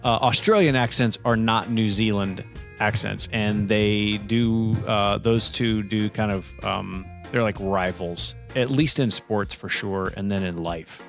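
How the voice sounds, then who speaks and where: A man's voice: fairly low pitch, fairly even intonation, measured pace, a bit bright, faint music behind. A man co-hosting a podcast in casual chat, playful and enthusiastic, who rambles a little as he explains things. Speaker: podcast co-host.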